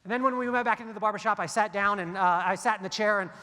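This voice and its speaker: A man giving a motivational keynote speech, telling stories in an animated way and acting out the dialogue. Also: high-pitched, rapid-fire, long reverb tail. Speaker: keynote speaker. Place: large event hall.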